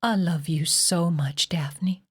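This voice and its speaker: A woman doing a soft tearful mother. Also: on the low side, slow pace, husky, heavily acted. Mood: soothing. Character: gentle worried mother, middle-aged woman.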